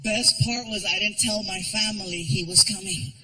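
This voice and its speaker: A man doing stand-up comedy, telling a story and acting out the people in it with animated voices on a stage mic. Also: high-pitched, normal speed, poor audio. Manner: animated, acts out characters with voices. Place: theater stage before a live audience.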